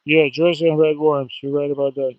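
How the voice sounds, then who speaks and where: A man chatting casually on a fishing livestream outdoors, excitable and talkative, often bursting into whoops and laughs. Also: on the high side, fairly quick, dry recording, narrow, tinny audio. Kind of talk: casual live-stream chat. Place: outdoors by the water.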